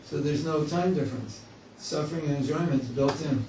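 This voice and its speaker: A man leads a spiritual class in a chatty, humorous style, frequently performing the voices in one's head. His voice is slightly high and his pace a bit quick. The recording comes from a distant mic in an echoey room with faint hiss.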